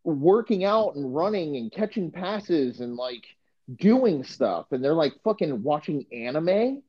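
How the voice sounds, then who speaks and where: A man's voice: a little high, sing-song, measured pace, slightly rough, highs cut off. A man, a podcast co-host and former football coach, telling crude stories in casual chat with many restarts.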